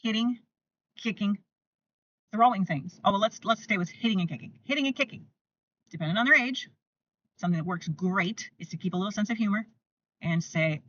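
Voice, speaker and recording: An older woman hosting parenting advice to camera, emphatic and repetitive, sometimes acting out gentle lines she would say to a toddler. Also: medium pitch, expressive, a little fast, pauses often, distant mic, muffled recording.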